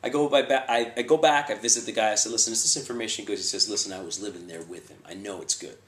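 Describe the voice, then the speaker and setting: A man's voice: lowish voice, fast talker, echoey room. A man telling a casual anecdote about tracking down a fugitive, acting out the voices in the quotes. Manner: animated, acts out voices in quotes. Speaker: bail enforcement agent.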